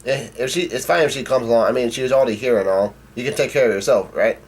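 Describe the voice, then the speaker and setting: A man's voice: medium pitch, fast talker, breathy edge, low-quality recording. A man voicing a carefree, hungry young male pirate captain from a comic, in his everyday voice. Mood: easygoing. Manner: reads the lines in his everyday voice.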